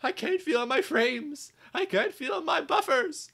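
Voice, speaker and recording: A woman's voice: sits high, expressive, takes it slowly, creaky, a bit bright, pitched above the performer's own voice, heavily acted. A woman voicing a melodramatic toy train engine that wails frantically that it is doomed. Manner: frantic, over-the-top wailing.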